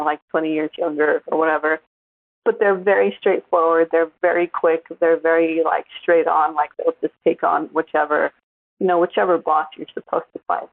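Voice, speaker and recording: A woman in her forties co-hosts a casual chat, telling stories in an animated way. Her voice sits low with a gravelly fry. The sound is dry and tinny, like a phone line. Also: no room sound. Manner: chatty, animated storytelling. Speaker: podcast co-host.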